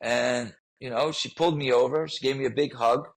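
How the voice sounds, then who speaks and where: A man's voice: mid-range voice, steady tone, fairly quick, poor audio. A man telling a personal story in a podcast interview, earnest and emotional, often repeating himself. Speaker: guest, fitness trainer.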